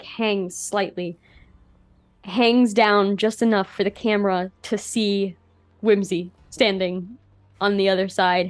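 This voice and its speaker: A woman game master narrating a tabletop scene in a casual, filler-heavy way. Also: medium pitch.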